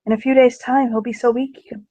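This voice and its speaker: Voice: mid-range voice, flat delivery, quick pace, mellow, voice pushed up, natural voice. A game master voicing a scheming, seductive woman of a fantasy court who urges and drops into whispers, on a dull lo-fi recording. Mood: conspiratorial. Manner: breathy, urging, drops to a whisper. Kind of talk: tabletop game voice acting.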